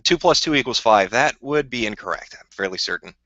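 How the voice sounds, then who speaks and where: The recording is lo-fi, dull and dry, without any room sound, as a man rants casually on a live stream. Answering viewer questions, he rambles, swears and picks fights, his mid-range voice sharp in tone, brisk and lively in intonation.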